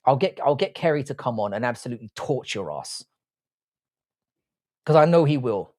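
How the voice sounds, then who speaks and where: Brief: young male livestream host, animated and bouncy pitch, crude teasing banter full of swearing, casual desk-mic talk. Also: normal speed. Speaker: livestream host reading chat. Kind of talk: casual live stream banter.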